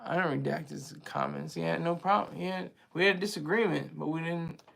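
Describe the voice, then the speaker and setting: A man's voice: on the high side, steady tone, brisk, creaky, fairly bright tone. A man hosting a livestream, talking casually with his viewers in a rambling, chatty way and laughing easily. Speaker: livestream host reading viewer chat.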